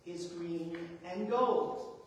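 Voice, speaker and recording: A woman from the Midwest, a poet on a panel, speaking thoughtfully and haltingly as she searches for her words. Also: lowish voice, slight background noise. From American Midwest. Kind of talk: reflective panel discussion. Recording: echoey hall, far from mic.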